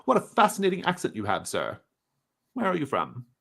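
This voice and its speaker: A man voicing a nebbishy, pompous little male detective inspector, lecturing in a lively, high voice. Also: fairly quick, creaky, heavily acted.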